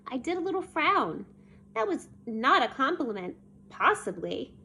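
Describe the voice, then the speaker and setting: A woman reading a children's chapter book aloud in a lively, expressive way. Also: high-pitched, unhurried, slight background noise. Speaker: storybook reader.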